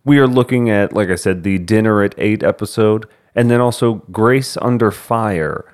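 A man's voice: on the low side, normal speed, clear, resonant tone. A man with a Texan accent, co-hosting a podcast in a joking, chatty way. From Texas. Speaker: podcast co-host. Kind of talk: casual podcast chat.

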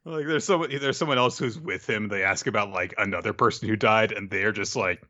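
A man's voice: fairly low pitch, a little fast, pushed and bright, dull audio. A young man co-hosting a casual podcast who chimes in with playful jokes. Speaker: podcast co-host. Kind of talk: casual chat.

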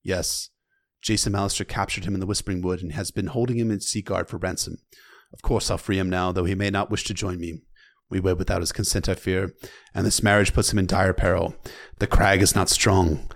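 A man voicing a young male king who speaks in a solemn, quiet, halting way, in a deadpan book recap. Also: low voice, no room sound, clean studio sound, voice pushed down.

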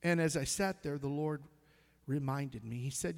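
A middle-aged male pastor telling a story in a sermon, emotional and halting, with sighs and passages that drop almost to a whisper. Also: on the high side, gravelly. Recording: long hall reverb.

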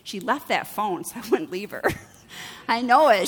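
A woman pastor preaching a sermon, telling personal stories with animated delivery and acting out other people's lines. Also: mid-range voice, measured pace, breathy edge. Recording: long hall reverb.

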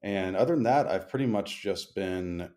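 Deep mellow-voiced male podcast host. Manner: articulate, wordy, deliberate. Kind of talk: casual chat. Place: hotel room in Montreal. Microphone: remote call recording.

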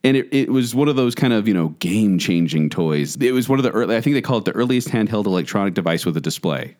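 A man with a lower-pitched voice chats on a podcast. His pitch rises and falls a lot as he tells his stories. He gives an animated, conversational account. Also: fast talker. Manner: animated storyteller, mimics a robotic toy voice. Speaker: podcast co-host. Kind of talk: casual chat.

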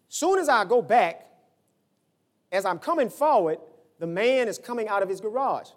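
A man preaching a sermon as pastor, telling stories and acting out the voices in them, swinging from shouts to low asides. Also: sing-song, moderate pace.

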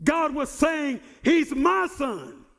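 A male pastor preaching a sermon who repeats and restarts words and builds to shouted emphasis. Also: very high-pitched, lively intonation, slow pace, vocal fry, big-room sound. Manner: repeats words and stumbles on starts.

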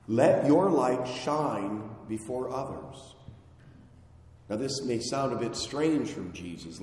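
A man delivers a sermon at an unhurried, deliberate pace, pushing key words up and letting phrase ends fall away. His voice rings through a very echoey hall with a long reverb tail. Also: mid-range voice, darkish tone. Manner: slow, deliberate preaching with emphatic rises and falls. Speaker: preacher.

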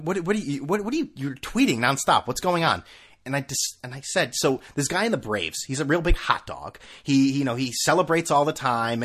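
A man's voice: medium pitch, fairly bright tone, breathy edge. A man in his thirties hosting a casual sports talk show, ranting with sarcasm and profanity.

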